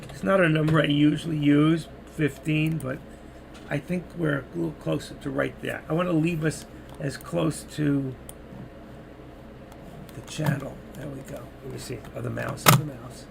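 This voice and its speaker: A man's voice: a little high, gravelly, noisy background. An older man with a New York accent, chatting through stock trades on a live stream and reading viewers' messages, losing his voice. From New York City. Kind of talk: live market commentary.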